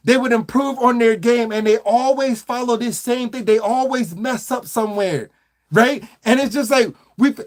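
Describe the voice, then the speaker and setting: A man with a high-set voice rants on a livestream. He talks animatedly and with slang, circling back to repeated phrases. He stacks stuttered restarts and mocks people as he goes. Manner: slangy, mocking. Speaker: livestream host. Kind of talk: livestream rant.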